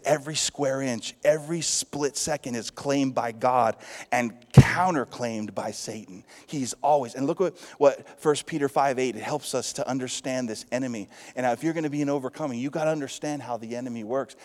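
A man with a Texas accent, a pastor preaching a lively sermon in a church, swinging from loud calls to hushed asides. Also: mid-range voice. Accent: Texan. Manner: lively preaching with big swings in loudness, asides and quick jokes. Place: church sanctuary. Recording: long hall reverb.

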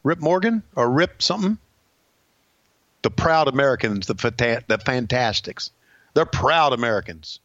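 A man's voice: medium pitch, very animated, normal speed, a bit bright, no echo, dull audio. A man co-hosting a casual wrestling podcast, laid-back and wry, laughing along with his partner. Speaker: podcast co-host.

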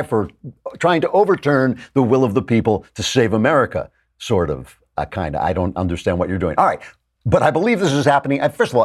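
A male host giving sarcastic political commentary, reading quotes aloud and mocking them as he goes. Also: on the low side. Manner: reads quotes aloud and interjects.

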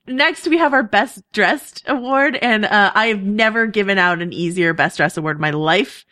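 A woman co-hosting a podcast in casual chat, chatty and quick to laugh, with lots of fillers. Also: mid-range voice, pushed and bright, no room sound, studio quality. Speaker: podcast co-host.

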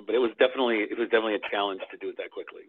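A man's voice: lowish voice, fairly even intonation, very fast, breathy edge. A man who works in animation, answering interview questions with hesitant ums and easy chuckles. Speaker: animation director, guest. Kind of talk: casual interview. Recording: tinny phone-line sound.

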